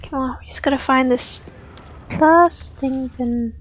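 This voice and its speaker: A woman live-streaming a video game, chatting casually in a soft-spoken way and cooing fondly at her dogs. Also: sits high, measured pace, a little hiss or hum, rough recording.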